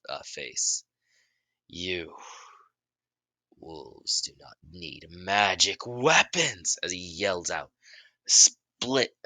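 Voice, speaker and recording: Deep-voiced man narrating a fan story. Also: no echo. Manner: halting, many restarts and self-corrections; bursts into loud shouts for dialogue.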